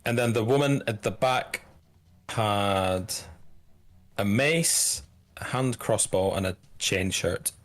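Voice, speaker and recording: GM, slightly low voice, halting narration with frequent restarts. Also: male voice. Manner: halting, stammers and restarts while describing scenes. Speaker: game master. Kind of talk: narrating a tabletop game.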